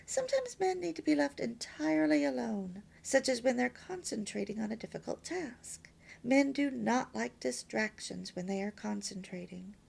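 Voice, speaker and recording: A woman's voice: fairly high pitch, expressive, moderate pace, vocal fry, a little mellow, breathy edge. A woman reading a homemaking lesson aloud as a story, lilting and emphatic with near-whispered asides. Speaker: reader of a homemaking course.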